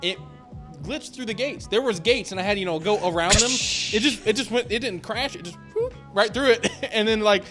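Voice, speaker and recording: A man's voice: sits high, fairly quick, over loud music. A man co-hosting a podcast, chatting casually and laughing as he tells a story. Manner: laughs while telling a story. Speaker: podcast co-host. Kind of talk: casual chat.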